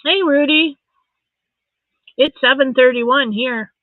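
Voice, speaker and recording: A middle-aged woman from Saskatchewan hosts a casual live stream. She chats softly and emotionally and reads viewer comments aloud. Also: high voice, slow, no room sound. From Saskatchewan, Canada. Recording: tinny phone-like dry sound.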